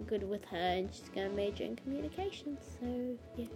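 A woman's voice: on the high side, lively intonation, brisk, music in the background. A young woman co-hosting a podcast, telling a story in casual chat with lots of giggles. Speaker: podcast co-host.

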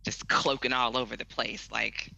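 A man in a casual podcast chat talks hesitantly, with lots of fillers and casual swearing. His voice is gravelly and very sharp and bright. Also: mid-range voice, fairly even intonation, moderate pace, rough recording. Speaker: podcast co-host.

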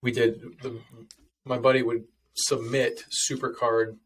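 A man guesting on a podcast, telling stories in a relaxed way with casual swearing. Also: mid-range voice, a little slow, far from the mic, a little hiss or hum. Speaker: podcast guest, business founder.

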